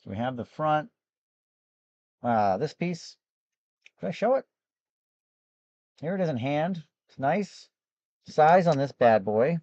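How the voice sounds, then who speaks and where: A hoarse man, losing his voice, hosts a live gem and fossil sales show in a rambling, chatty way with frequent restarts. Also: a little high, sing-song, slow, long pauses, a little mellow, no room sound, lo-fi sound. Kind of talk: casual live-stream sales chat.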